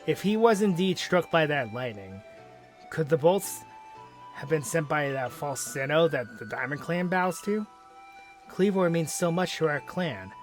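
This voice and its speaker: Man reading a soft-spoken, earnest woman clan chief, slightly high pitch. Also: close to an everyday voice.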